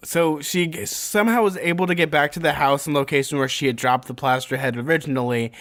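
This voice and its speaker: A young man co-hosts a casual chat and rambles through a story with jokes and fillers. His voice sits a bit high for a man. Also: fast, a bit bright. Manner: rambling, jokey, many fillers. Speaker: podcast co-host.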